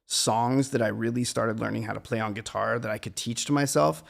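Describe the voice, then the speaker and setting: A man's voice: mid-range voice, brisk, creaky. A middle-aged man, a guest musician, talking in a meandering, reflective and self-deprecating way in a casual conversation.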